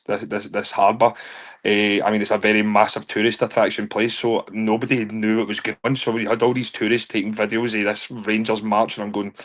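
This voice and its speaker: A man in his thirties, telling stories in a casual podcast chat, laughing often and tripping over repeated words. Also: lowish voice. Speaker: guest, touring stage show creator.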